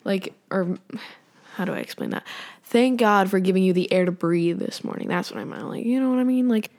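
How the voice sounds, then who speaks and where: A woman's voice: medium pitch, a little fast, a little mellow. A teenage girl hosting a casual faith podcast, rambling and chatty with many fillers and little laughs. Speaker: podcast host.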